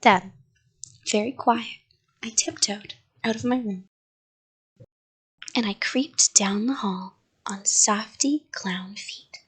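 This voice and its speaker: A woman reading a children's story aloud in a soft whisper. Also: mid-range voice, slow pace, pauses often, slightly rough.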